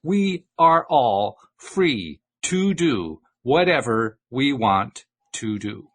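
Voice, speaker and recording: A man's voice: lowish voice, sing-song, moderate pace, breathy edge, heavily acted. A man reading a book aloud and voicing a patient male spiritual teacher who explains things. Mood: earnest.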